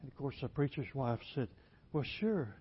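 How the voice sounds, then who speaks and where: A man preaching a folksy storytelling sermon, plainspoken and building to loud, emphatic passages. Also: mid-range voice, very animated, normal speed, breathy edge. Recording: dull lo-fi recording.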